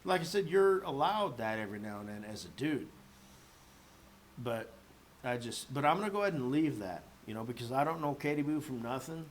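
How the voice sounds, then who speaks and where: A man's voice: mid-range voice, expressive, brisk. A man ranting on his own in a loose, profane, rambling way, full of fillers, with faint noise behind him. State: a little drunk. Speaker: vlogger. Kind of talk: rambling audio rant.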